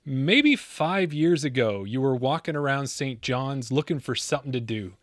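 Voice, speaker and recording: A man hosting a podcast, telling a dramatic scripted story with big pauses, then chatting casually with his guest. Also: medium pitch, lively intonation, no echo, studio quality. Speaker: podcast host.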